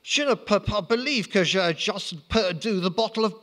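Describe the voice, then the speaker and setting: A man voicing a petulant, pompous male French emperor with a squeaky voice and a French accent, who mixes French words into his English. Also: moderate pace, a bit bright.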